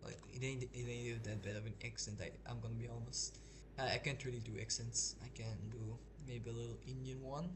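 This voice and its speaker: A man's voice: medium pitch, level tone, fairly quick. A man and English speaker, chatting casually over gameplay in a rambling, hesitant way full of restarts. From Belgium. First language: not English. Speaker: gaming streamer. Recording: noisy home mic.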